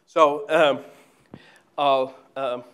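A man giving a live math lecture at a board, talking haltingly with many fillers and restarts. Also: medium pitch, steady tone, fairly bright tone, clean tone. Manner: halting, full of fillers and restarts while writing. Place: lecture hall.

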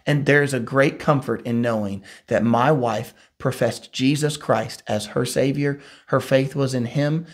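A man teaching a Bible study. He reads scripture and retells it in an earnest, lively paraphrase. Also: mid-range voice, measured pace, few pauses.

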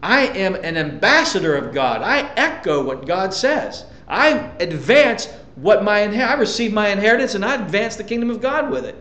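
High-voiced man preaching emphatically. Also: sing-song, normal speed, hardly any pauses, pushed and bright, echoey room. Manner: emphatic preaching with rhetorical questions. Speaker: pastor. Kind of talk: sermon.

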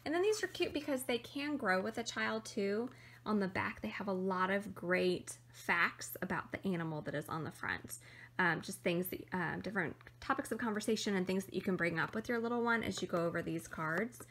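A woman's voice: mid-range voice, brisk, a bit bright. A chatty young woman talks to her camera in a casual show-and-tell vlog. Her delivery is upbeat and friendly, dotted with ums as she goes. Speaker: vlogger.

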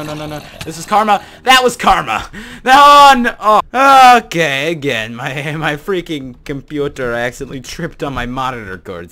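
Excitable young guy giving game commentary. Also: mid-range voice, slight background noise. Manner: excitable, jumps into panicked shouting. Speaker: gaming channel host. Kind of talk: gameplay commentary.

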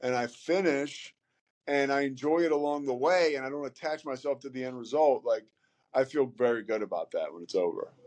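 A man's voice: mid-range voice, fairly quick, darkish tone. A man speaking as a podcast guest in casual conversation, candid and rambling, with many fillers and some swearing.

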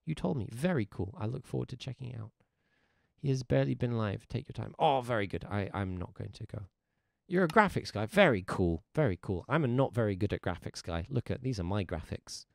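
Lively, gravelly male music teacher. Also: mid-range voice, fairly quick, no echo. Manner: animated, playful and encouraging. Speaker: music teacher streaming live. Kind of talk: livestreamed music lesson, chatting with viewers.

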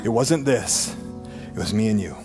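A man preaching a sermon as pastor, animated, swinging between loud bursts and low, intimate passages. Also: moderate pace, gravelly, music in the background.

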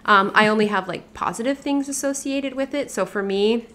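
A woman's voice: fairly high pitch, normal speed, a bit bright. A woman co-hosting a podcast, chatting casually and frankly, swearing freely and joking around. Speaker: podcast co-host.

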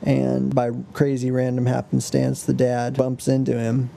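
A man's voice: medium pitch, completely flat delivery, measured pace, vocal fry, dark tone, slight background noise. A man co-hosting a podcast, retelling an old tale in a loose, slangy, casual way. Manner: loose and slangy, many fillers and restarts. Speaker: podcast co-host. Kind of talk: casual storytelling chat.

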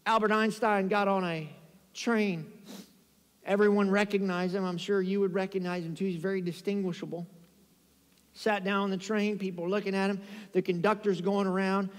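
Pastor guy preaching, real high voice, lively stories, church hall echo. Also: normal speed, clean tone. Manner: animated storytelling preacher, calls for amens. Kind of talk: sermon. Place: church sanctuary.

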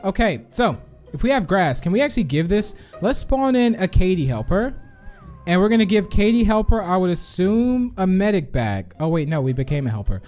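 High-pitched young dude, chatty gaming commentary, quick reactions, faint music. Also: male voice, very animated, a little mellow. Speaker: gaming video host. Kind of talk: excited gameplay commentary.

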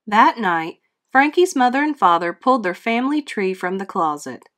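A woman reading a children's storybook aloud in a slow, expressive, teacherly way. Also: on the low side. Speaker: read-aloud host.

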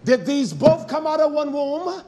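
A man delivers a fiery sermon in a strikingly high voice that leaps up and down with animated swings. He scolds and confronts his listeners, hammering them with rhetorical questions. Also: measured pace. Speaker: preacher.

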